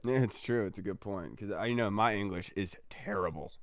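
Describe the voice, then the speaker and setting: A man's voice: lowish voice, fairly quick, no echo, studio quality. A man hosting a casual sports podcast, chatty and rambling as he wraps up. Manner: chatty, rambling sign-offs. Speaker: podcast host.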